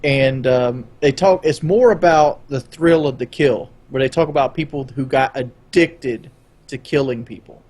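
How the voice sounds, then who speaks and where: A young adult man hosting a casual podcast, rambling and animated and swearing freely. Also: mid-range voice, measured pace, husky. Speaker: podcast host.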